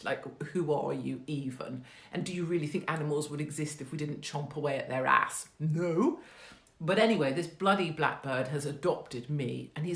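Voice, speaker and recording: Woman in her forties, blunt and sweary, sarcastic rambling monologue, roomy echo. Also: deep voice. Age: 40s. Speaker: host.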